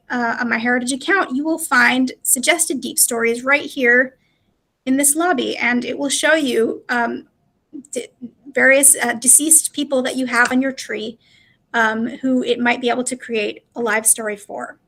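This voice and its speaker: A woman's voice: high-pitched, a bit bright. A woman presenting a live webinar walkthrough, chatty and explanatory, with frequent fillers. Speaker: presenter of a live product demo.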